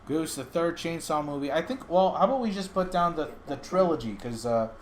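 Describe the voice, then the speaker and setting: A man's voice: a little high, lively intonation, fairly quick, a little hiss or hum. A man hosting a livestream, chatting casually, joking and swearing as he thinks aloud. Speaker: livestream host.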